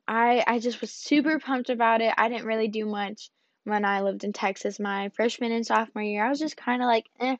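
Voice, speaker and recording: A teenage girl giving a lively personal storytelling talk, acting out the dialogue and using "like" a lot. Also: fairly high pitch, gravelly, dry recording. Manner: animated, acts out dialogue, many fillers like "like". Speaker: speaker sharing a personal story. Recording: dull lo-fi dry recording.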